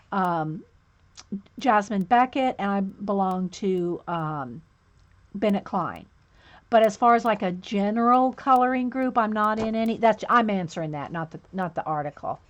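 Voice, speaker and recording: A woman hosting a casual livestream, chatting and greeting viewers by name one after another, with a slight lilt. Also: medium pitch. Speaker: livestream host. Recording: dull lo-fi stream audio.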